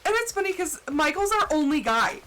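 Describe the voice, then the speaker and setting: A woman livestreamer telling stories in casual chat, animated and full of fillers, acting out the people she quotes. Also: high-pitched, fairly quick, poor audio. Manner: chatty and animated, full of "like" and laughs; acts out quoted people with jumps in voice. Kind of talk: casual storytelling chat during a game stream.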